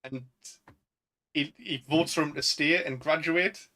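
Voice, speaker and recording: A man's voice: on the high side, measured pace, bright, forceful tone. A man with a Northern English accent co-hosting a casual chat, laughing often and acting out film quotes. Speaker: podcast co-host.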